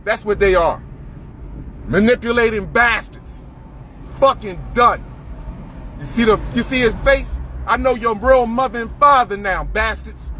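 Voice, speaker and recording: Bright-voiced man ranting, high and sharp. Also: unhurried, slight background noise. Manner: profane, confrontational, repetitive. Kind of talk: ranting monologue to camera.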